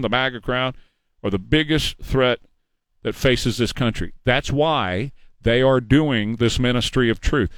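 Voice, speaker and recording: A man's voice: medium pitch, dry recording. Ranting male talk radio host. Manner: emphatic, ranting, sarcastic. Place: radio studio.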